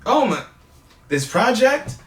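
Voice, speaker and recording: A man in his thirties, a guest in an interview, speaking haltingly with many fillers and restarts, tearful and laughing through emotion. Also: very high-pitched, sing-song, a bit bright, echoey room.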